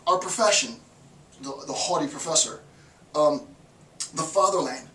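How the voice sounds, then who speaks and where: A male professor giving an emphatic, animated philosophy lecture, repeating lines for effect. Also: a little high, moderate pace. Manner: emphatic, repetitive, animated, with laughs. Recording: roomy, distant mic, faint noise.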